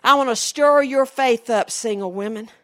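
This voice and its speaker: A woman preacher from the Southern United States giving a sermon, swinging from hushed storytelling to shouted exclamations. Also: a little high, moderate pace.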